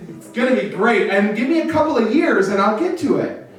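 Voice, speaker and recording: A man's voice: very high voice, expressive, a little fast. A man hosting a live variety show, joking with the audience, swearing freely and leading it in chants. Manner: playful, teasing, leads audience chants. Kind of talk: live stand-up crowd work. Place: live venue before an audience. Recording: echoey room from far off, faint noise.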